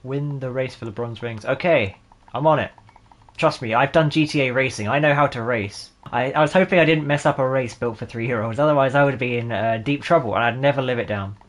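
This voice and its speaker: A man's voice: mid-range voice, a little fast. A man in his twenties giving sarcastic, jokey let's-play gaming commentary and laughing often. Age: 20s. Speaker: gaming channel host.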